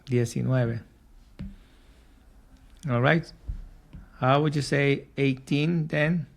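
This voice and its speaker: Slow, patient male language teacher. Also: medium pitch, fairly even intonation, gravelly. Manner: patient, repeats and drills words. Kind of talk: slow spoken lesson for learners.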